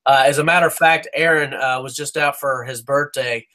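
A man's voice: medium pitch, fairly even intonation, moderate pace, pushed and bright. A man co-hosting a casual sports podcast, ranting with heat, swearing and stumbling over restarts. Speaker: podcast co-host.

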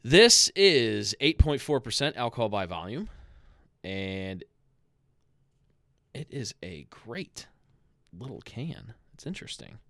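A man hosting a podcast in relaxed, rambling chat. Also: mid-range voice, takes it slowly, long pauses, dry recording, studio quality. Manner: relaxed, rambling, with fillers and self-corrections. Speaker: podcast host.

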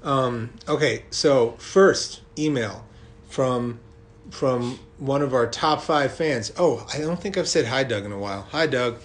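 A man co-hosting a podcast in casual chat, talkative and quick to laugh, reading out listener mail. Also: mid-range voice. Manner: chatty, laughs easily, reads listener mail aloud. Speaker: podcast co-host.

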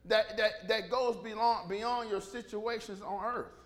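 A man's voice: sits high, steady tone, takes it slowly, a bit bright. A male pastor preaching a sermon, telling the story with animation and many restarts.

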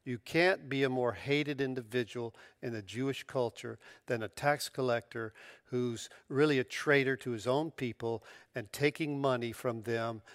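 A man preaching a sermon as a pastor, emphatic and animated, often stumbling over restarts as he builds to a point. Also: medium pitch, dry recording, studio quality.

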